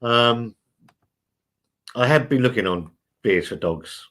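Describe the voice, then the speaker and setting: A man's voice: medium pitch, lively intonation, slow, pauses often, a bit bright. A man hosting a casual live stream from home, reading out chat messages in a chatty, blunt, sweary way and calling everyone mate.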